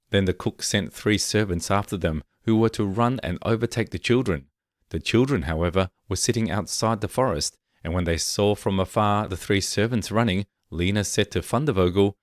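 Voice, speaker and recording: Deep-voiced male fairy-tale narrator. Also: normal speed, no room sound, clean studio sound. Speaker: storyteller.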